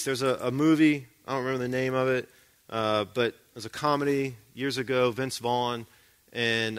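A man with a medium-pitched, fairly bright voice preaches a sermon conversationally. He often checks in with the congregation by asking them questions.

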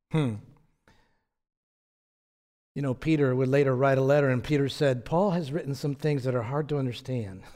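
A man with a fairly high voice preaching verse by verse through a letter of scripture. He teaches in an earnest, conversational way and keeps checking in with his listeners through rhetorical questions. When he quotes the text aloud, his voice climbs and slows. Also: a little mellow. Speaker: pastor. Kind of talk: expository sermon.

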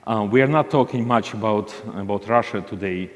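A man tells a ministry story, halting often and restarting his sentences. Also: lowish voice, big-room sound. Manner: halting, frequent restarts and fillers. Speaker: ministry leader. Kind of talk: storytelling talk.

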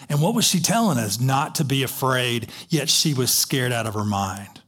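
A man preaching a sermon, telling a story in an animated way with many restarts. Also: mid-range voice, normal speed.

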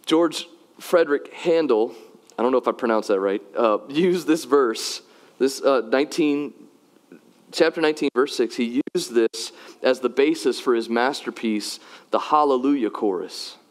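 A man giving a sermon, moving from personal storytelling to loud, emphatic calls to worship. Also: medium pitch, moderate pace. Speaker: pastor.

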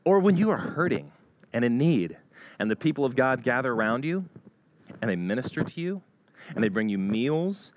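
Captured in a low-quality recording with slight background noise, this medium-pitched pastor delivers a sermon. He tells stories with animation and performs a joke using rising voices.

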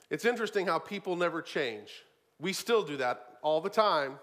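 A preacher man with a fairly high voice that leaps up and down. He delivers his sermon with animation, punching key words loudly and then dropping low for asides. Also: normal speed. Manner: animated, shifts from loud emphasis to low asides, repeats words.

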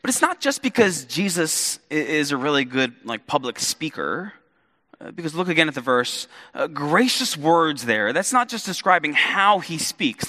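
Animated male pastor preaching in a reverberant hall. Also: on the high side. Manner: lively, animated preaching with playful asides. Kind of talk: sermon.

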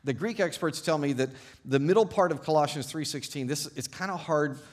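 A male pastor preaching a sermon to his congregation, telling stories with animated, self-deprecating humor and playful irony. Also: fairly high pitch, fairly quick. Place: church service before a congregation.

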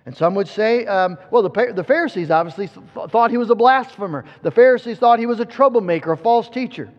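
Speaking fairly quickly, this male preacher gives an earnest, emphatic sermon in a notably high voice, tripping over and repeating words as each point builds. His voice echoes at length through a big hall, and the recording sounds dull and muffled.

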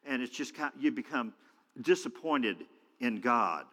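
A man's voice: mid-range voice, lively intonation, measured pace. Male preacher in a reverberant church. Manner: dramatic storytelling, voices God and Elijah, swings from loud to hushed. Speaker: pastor. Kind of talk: sermon. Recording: long hall reverb.

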